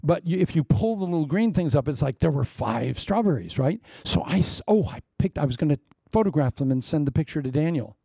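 A man's voice: a little high, big pitch swings, a little fast, vocal fry, mellow, breathy edge, dry recording, studio quality. A middle-aged man preaching a sermon as pastor, conversational and joking, with laughing asides.

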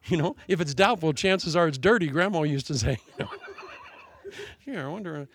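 A man preaching a sermon as pastor, telling a story with animated delivery and laughing at his own jokes. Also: on the high side, normal speed, husky, dry recording.

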